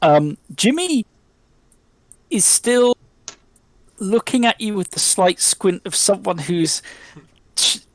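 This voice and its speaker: A man's voice: high-pitched, lively intonation, slow, pauses often, no echo, poor audio. A man narrating a tabletop role-playing game as game master, rambling with many ums and likes.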